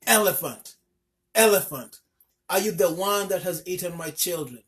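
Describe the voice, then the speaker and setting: A desperate, determined mother from a folk tale, as a male storyteller puts her on. The voice is raised above his usual pitch and pushed loud and urgent. It is pleading one moment and shouting the next. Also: normal speed, lightly acted. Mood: furious shouting. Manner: pleading, then shouting angrily. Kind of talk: storybook reading.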